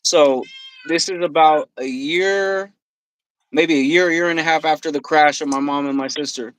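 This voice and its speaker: A man telling a story on a podcast, swearing freely and quoting himself and others in an animated way. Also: on the high side, moderate pace, smooth, no room sound, rough recording. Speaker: podcast guest. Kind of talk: casual storytelling. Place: podcast studio.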